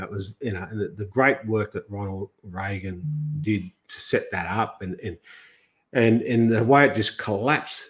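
An older man from Australia, a guest in a political interview, talking in long rambling sentences full of restarts and quoted asides. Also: lowish voice.

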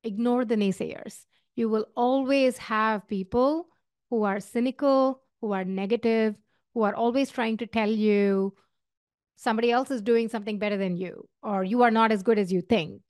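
A woman's voice: fairly high pitch, moderate pace, darkish tone, no room sound, clean studio sound. Earnest Indian-accented woman giving advice. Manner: earnest, conversational with many fillers and restarts. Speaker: podcast host. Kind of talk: solo advice talk.

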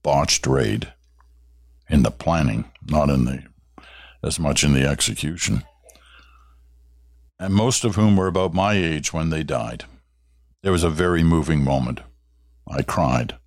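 Speaking at an unhurried pace with frequent pauses, this older Canadian radio host has an extremely low-pitched voice, captured as a dry, clean studio recording. He delivers a relaxed talk radio monologue, warmly storytelling and reading out letters from listeners.

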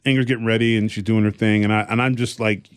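Low-voiced male comedian telling stories. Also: quick pace, clean tone. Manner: animated storytelling, acting out the people he quotes; rambling, with restarts and fillers. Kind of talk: casual podcast storytelling.

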